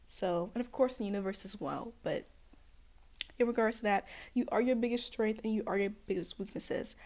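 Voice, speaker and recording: A young woman talking straight to her viewers in a casual self-help pep talk, sassy and blunt, with swearing, laughter and quick put-on voices. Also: a little mellow. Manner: acts out other people's voices in jumps of pitch. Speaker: spiritual self-help vlogger.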